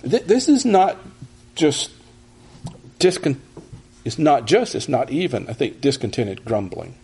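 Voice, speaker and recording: Preaching an expository sermon, this man has a husky, breathy, mellow mid-range voice that swings hugely in pitch. His pace is measured, and he often circles back to begin a phrase again.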